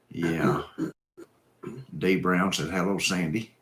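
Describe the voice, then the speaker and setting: A man's voice: sits low, normal speed, fairly bright tone, slight background noise. A man hosting a live stream, reading viewer comments and chatting in an easygoing, folksy, rambling way. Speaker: host.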